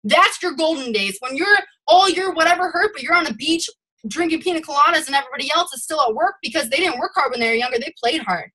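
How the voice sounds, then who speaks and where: A young woman leading her sales team over a video call, giving a rambling, animated motivational talk. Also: high voice, quick pace. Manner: rambling and animated, admits to ranting.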